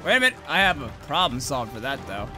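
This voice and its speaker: A man giving profane, excitable commentary while playing a video game, yelling at the monsters. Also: mid-range voice, fast talker. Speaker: let's play gamer. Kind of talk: gameplay commentary. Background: game music.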